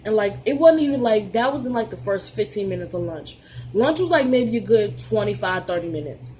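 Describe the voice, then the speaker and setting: A young adult woman telling a storytime vlog in an animated, profane, sassy way, talking straight to her viewers. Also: medium pitch, fairly quick, a little hiss or hum. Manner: playful, addresses viewers directly. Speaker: vlogger.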